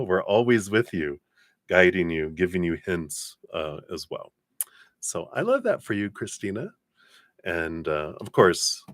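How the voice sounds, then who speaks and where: Deep-voiced man reading tarot live. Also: dry recording. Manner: relaxed, chatty, many fillers. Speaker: tarot reader.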